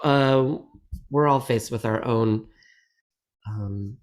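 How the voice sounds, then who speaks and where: Speaking extremely slowly in a mid-range voice, this middle-aged guest actor chats on a podcast interview. He wanders from point to point and is self-deprecating throughout the casual conversation.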